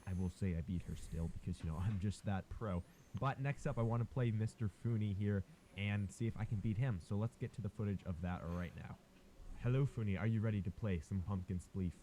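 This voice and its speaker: A man hosting a gaming video, giving casual, excitable commentary as he plays. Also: fairly low pitch, fairly quick, a little hiss or hum. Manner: excitable, cheers and yelps at close plays.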